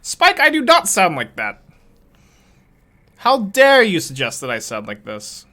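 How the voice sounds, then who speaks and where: A man doing a touchy young stream viewer, squeaking high and offended. The voice is bright and pinched, each word thrown out in a huff. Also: wildly swooping pitch, unhurried, full character voice. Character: indignant young male stream viewer, huffy.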